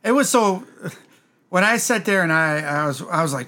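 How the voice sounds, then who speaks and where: A man co-hosting a casual movie chat, excitable and swearing freely. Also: high voice, normal speed, a little hiss or hum. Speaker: podcast co-host.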